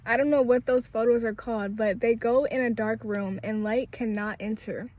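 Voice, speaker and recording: Bright-voiced woman preaching casually. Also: on the high side, fairly even intonation, moderate pace. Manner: conversational and emphatic, with repetition. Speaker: spiritual speaker.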